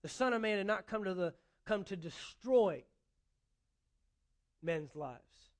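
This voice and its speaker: A man with a high-pitched voice preaches a sermon. He speaks earnestly, building emphasis as he goes, and acts out imagined dialogue to make his points. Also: lively intonation, slow pace. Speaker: pastor.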